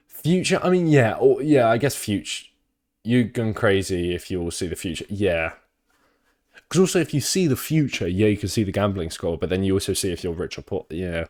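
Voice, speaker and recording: A man's voice: sits low, animated, a little fast. A young man with a British accent, chatting casually on stream, rambling through sweary anecdotes.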